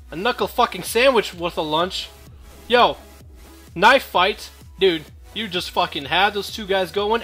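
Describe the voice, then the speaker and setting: A man's voice: high-pitched, bright, forceful tone. A young man giving casual, joking gameplay commentary, full of profane trash talk and rambling asides.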